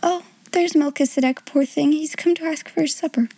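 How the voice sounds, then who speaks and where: A woman voicing a ragged, hungry young girl who stays polite, speaking softly and faintly. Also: sits high, steady tone, a little fast, voice pushed up. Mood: tired.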